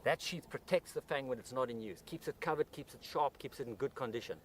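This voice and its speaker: A man presenting wildlife outdoors by paddy fields, with a middle-pitched voice and an eager, explaining manner. Faint outdoor sound sits behind him. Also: quick pace, a little hiss or hum. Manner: enthusiastic, explains while handling animals.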